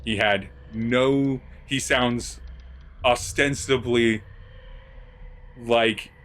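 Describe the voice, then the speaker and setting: A man narrating a tabletop game as game master, halting and full of filler words. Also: mid-range voice, fairly even intonation, a bit bright.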